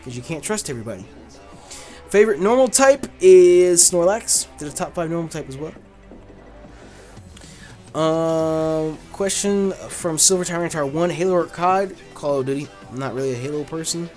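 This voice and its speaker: Chill gamer dude doing viewer questions, says bro and um a lot, voice a bit on the high side. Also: male voice, animated, normal speed, darkish tone, faint music behind. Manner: laid-back and blunt, many "um"s and "bro"s. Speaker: gaming YouTuber answering viewer questions. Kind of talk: casual Q&A chat.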